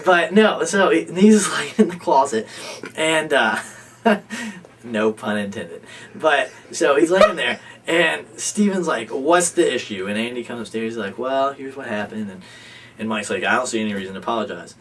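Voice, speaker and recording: A young man recounts a household story with lots of energy, laughing as he goes and slipping into the voices of the people involved. His pitch sits in the usual middle for a man. He is picked up from a little away from the mic, with a faint hum of noise behind him. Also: unhurried, recorded from a distance. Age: young adult. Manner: animated, laughs often, acts out others' lines. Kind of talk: casual storytelling.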